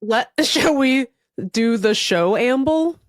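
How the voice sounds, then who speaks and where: A woman in her forties co-hosting a podcast, telling a comic story in a lively way and laughing often. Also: fairly high pitch, takes it slowly, no room sound, studio quality. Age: 40s. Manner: animated, laughs through her own stories. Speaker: podcast co-host. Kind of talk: casual chat, comic storytelling.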